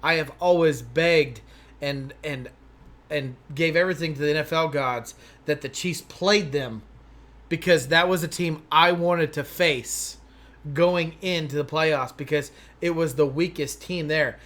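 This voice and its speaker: A man's voice: fairly high pitch, measured pace, fairly bright tone. A man co-hosting a sports talk show, reading out viewer comments and chatting casually. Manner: reads comments, chatty and agreeable.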